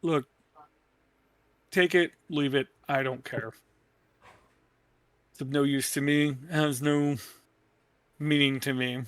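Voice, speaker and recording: A man's voice: fairly high pitch, fairly even intonation, slow pace, pauses often, no echo. A man playing in a tabletop game, speaking in character in a blunt, impatient way. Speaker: player.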